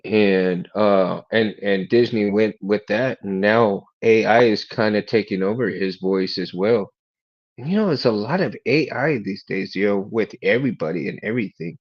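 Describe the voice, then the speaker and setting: A man's voice: lowish voice, moderate pace, lo-fi sound. A man hosting a casual chat, rambling, repeating his words and laughing often. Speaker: host.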